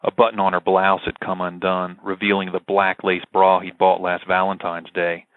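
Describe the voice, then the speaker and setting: Low male audiobook narrator, steady, tinny phone-like sound. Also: normal speed, no echo. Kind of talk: scripted narration.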